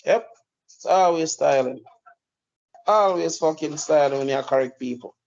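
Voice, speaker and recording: A man's voice: a little high, moderate pace, darkish tone. A man giving blunt, profane opinionated commentary as a podcast host. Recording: dull lo-fi recording.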